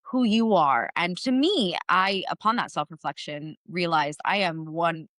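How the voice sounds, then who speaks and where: A young woman in her late twenties talks as a podcast guest. Her voice sits on the lower side, and she chats in a loose, lively way, full of "like" and quick asides. The sound is dry and close, with no room echo. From California. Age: 20s. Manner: chatty, animated, many fillers and likes. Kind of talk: casual conversation.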